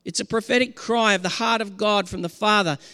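Man, pastor, impassioned sermon, fairly high voice, long hall reverb. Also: brisk, bright, forceful tone, clean tone. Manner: earnest, impassioned preaching with frequent restarts.

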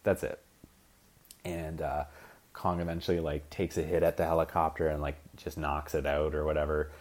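A man's voice: very deep voice, little pitch movement, moderate pace, darkish tone. A young man hosting a solo podcast, rambling casually with lots of fillers, swearing, and acting out scenes as he retells them. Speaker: podcast host. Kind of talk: casual rambling film chat.

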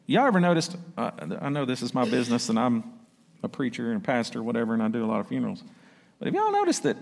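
A man preaching a sermon as pastor. He reads scripture slowly and loudly, then drops into quick, quieter asides and calls out to the congregation. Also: mid-range voice, gravelly. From South Arkansas. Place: church sanctuary. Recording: long church-hall reverb.

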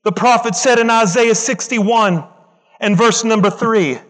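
With a high, fairly bright voice and an unhurried pace, this man delivers a fervent sermon, calling out to the congregation and driving points home through rhythmic repetition. Long reverb from a large hall surrounds him.

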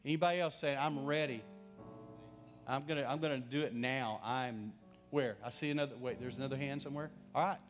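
A male pastor speaks from the front of a big church, his voice at an everyday middle pitch. He pleads and repeats himself as he invites people forward. Soft music plays faintly behind him. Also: fairly even intonation, a little fast. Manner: earnest, pleading repetition. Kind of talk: sermon altar call. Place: large church with bleachers.

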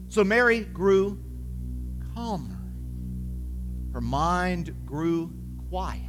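Slow gentle male storyteller. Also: high voice. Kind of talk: scripted storybook narration. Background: soft music with singing bowl.

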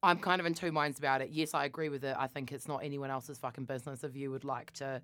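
Low-voiced, fiery young woman. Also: steady tone, fast, a bit bright, no room sound, soft background music. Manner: fiery, swears a lot, gets worked up. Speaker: podcast co-host. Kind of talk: casual chat.

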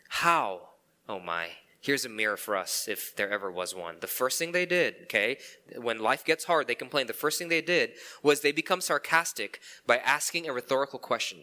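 A man preaching a sermon, animated, acting out sarcastic questions to God and dropping to soft, low tones for emphasis.

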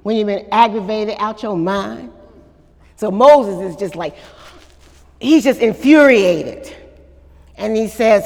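A woman's voice: mid-range voice, slow, vocal fry, long pauses, darkish tone, big-room sound. A woman pastor preaching a sermon at a church service, with dramatic call-and-response to the congregation.

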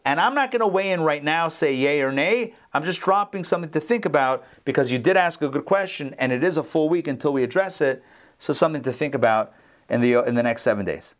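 A man teaching an online class, telling stories with lively acted-out voices over a video call. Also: on the high side. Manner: animated storyteller, acts out the characters. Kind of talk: casual lecture with storytelling.

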